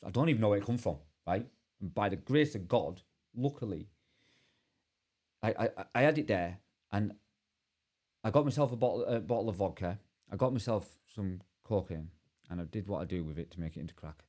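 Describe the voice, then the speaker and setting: A man telling his own story as a podcast guest, earnest and halting with many restarts. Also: fairly low pitch, a little mellow. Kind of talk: candid personal storytelling.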